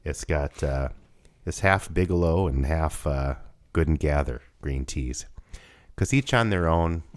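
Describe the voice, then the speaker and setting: A man's voice: extremely low pitch, animated, unhurried, no echo. A man in his fifties co-hosting a podcast from his home studio, chatting loosely and laughing as he rambles. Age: 50s. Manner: rambling, laughs often, restarts. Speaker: podcast co-host. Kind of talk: casual chat.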